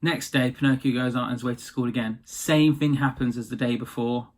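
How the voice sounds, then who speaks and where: Man, casual slangy storyteller, mid-pitched voice. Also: steady tone, brisk. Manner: chatty, slangy, loose.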